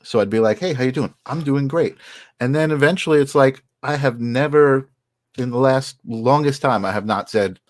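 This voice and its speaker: Casting: man, mid-pitched, earnest upbeat storyteller, conversational podcast host, dry close sound. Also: normal speed, no room sound. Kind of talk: casual conversation.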